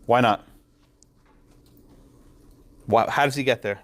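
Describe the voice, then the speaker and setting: A man lecturing a law class, quizzing students and tagging points with quick questions. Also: medium pitch. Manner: lively, quizzes students, frequent tag questions. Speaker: law professor.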